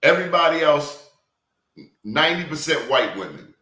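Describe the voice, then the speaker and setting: Male interview host, emphatic and deliberate, recorded with noticeable room echo. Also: fairly high pitch, lively intonation, bright, forceful tone. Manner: emphatic, deliberate, repeats words for stress. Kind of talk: hard-hitting interview. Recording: roomy echo.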